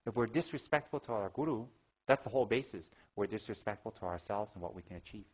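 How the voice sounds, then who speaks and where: A man giving a Buddhist teaching, telling stories in an animated way and acting out gasps and quoted lines. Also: lowish voice, fast, slightly rough, rough recording. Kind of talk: dharma talk with anecdotes.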